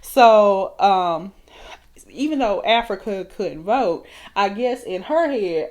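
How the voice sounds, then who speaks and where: A woman's voice: medium pitch, animated, slow pace, a little mellow. A woman in her thirties telling a storytime while doing her makeup, chatty and laughing often. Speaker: vlogger.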